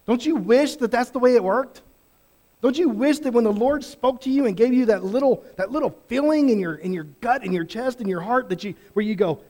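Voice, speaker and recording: Animated, conversational male preacher. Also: sits high, fairly quick. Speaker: pastor. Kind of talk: sermon.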